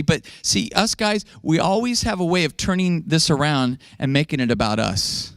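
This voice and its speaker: A male pastor preaching with humor, throwing his voice up high to act out what people say. His voice sits fairly high for a man. The sound is dry and close, with little room echo. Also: normal speed, few pauses. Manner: animated, joking, acts out quotes in raised voice. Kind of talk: sermon.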